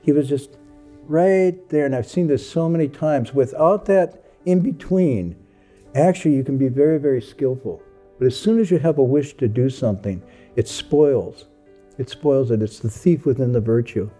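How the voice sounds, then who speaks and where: A Buddhist monk with a medium-pitched voice, speaking at normal speed over faint background music, tells anecdotes about his teacher. He's animated, acting out the people who appear in his stories.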